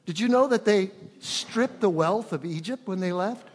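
A man preaching a sermon, shifting from loud, impassioned peaks to hushed, prayerful passages. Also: high-pitched, moderate pace, hardly any pauses. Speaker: pastor. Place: church sanctuary. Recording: long reverb of a large hall.

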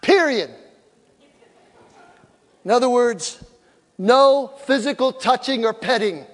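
An older man delivers a sermon in a notably high voice, mixing teaching with humor. He slips into acted-out quotes to make his points. Long hall reverb trails his words. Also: takes it slowly. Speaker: pastor.

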